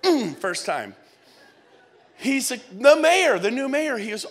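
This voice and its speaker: Lively high-voiced man speaking to a crowd. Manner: energetic, punchy, quizzes the crowd with rapid questions. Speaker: motivational speaker. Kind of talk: live motivational speech to an audience. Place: event hall.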